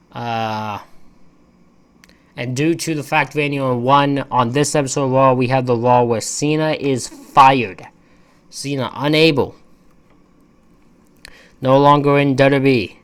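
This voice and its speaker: Here a man recaps a wrestling show in a loose, wandering way, peppering it with exasperated opinions on the side. He's a wrestling reviewer whose voice is smooth and sits in the middle range.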